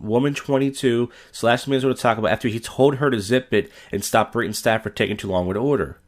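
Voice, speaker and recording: A man hosting a podcast, talking over viral clips in a blunt, opinionated and profane way. His pitch swings widely as he rants, rising and falling with every outburst. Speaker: podcast host. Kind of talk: crude ranting commentary on viral clips.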